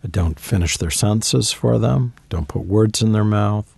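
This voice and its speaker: A man telling stories in an interview, conversational with emphatic asides. His voice is very low and gravelly, dark and slightly husky. The sound is dry and close. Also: measured pace, no echo. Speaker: guest author. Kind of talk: interview storytelling.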